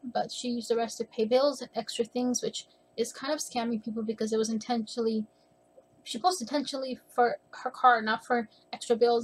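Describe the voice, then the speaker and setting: A woman's voice: on the high side, slightly rough. A woman giving casual, opinionated reaction commentary at home, rambling a little and slightly out of breath. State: a bit out of breath. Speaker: youtuber reacting to a video. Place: at home with her cat.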